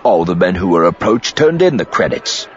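A man voicing a smooth, menacing male crime boss who speaks quietly in clipped, hissing words. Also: sits low, sing-song, normal speed, dull audio. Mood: calculating.

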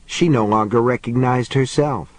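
A man reading a novel aloud as an audiobook narrator, in a low, measured delivery with quiet character voices. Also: no room sound, low-quality recording. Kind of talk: scripted narration.

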